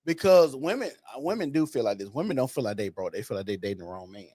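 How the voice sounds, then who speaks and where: A man in casual podcast chat, quick and agreeable, often restarting his sentences. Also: mid-range voice, expressive, mellow, no room sound. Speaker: podcast co-host.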